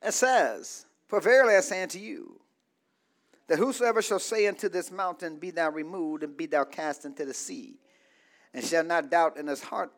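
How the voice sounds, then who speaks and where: A man preaching to a church congregation, calling for responses and rising into shouts. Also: on the high side, vocal fry. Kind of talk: sermon.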